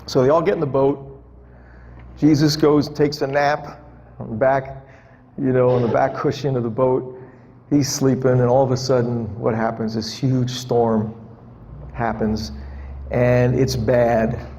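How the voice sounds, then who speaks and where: A man's voice: mid-range voice, level tone, unhurried, pauses often, dark tone. A man preaching a conversational sermon to a congregation, joking with them and asking them questions. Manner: chatty, jokes with the congregation, asks them questions. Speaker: pastor. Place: church hall with a live audience. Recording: reverberant hall, faint background noise.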